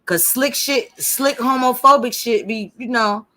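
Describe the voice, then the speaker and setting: A woman's voice: on the high side, a little slow, bright, forceful tone. A woman hosting a casual livestream, rambling and swearing freely as she answers her viewers' chat. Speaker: livestream host.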